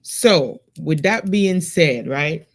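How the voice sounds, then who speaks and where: A woman with a Vincentian accent co-hosts a casual talk show with a low, full voice. She tells stories animatedly and talks straight to her listeners. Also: slow pace, vocal fry, a little hiss or hum. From Saint Vincent. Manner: animated storyteller, addresses listeners directly. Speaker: podcast co-host. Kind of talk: casual chat.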